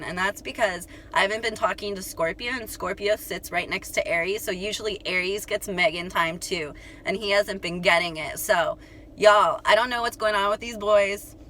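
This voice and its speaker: A young woman telling a story to her viewers in a chatty, animated way, full of "like" and "you guys". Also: mid-range voice, a little hiss or hum. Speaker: astrology channel host.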